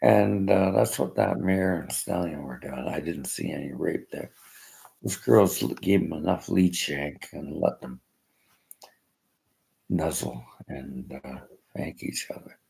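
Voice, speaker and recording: Gravelly deep-voiced man rambling. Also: dark tone. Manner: halting, emotional, drops to near-whispers. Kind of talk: rambling personal monologue.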